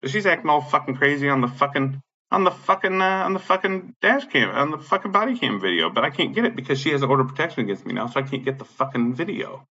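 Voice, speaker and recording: A man's voice: animated, quick pace, pushed and bright, highs cut off. Angry profane man ranting. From Illinois. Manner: agitated, swearing constantly, says he is high. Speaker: tenant complaining about his apartment complex.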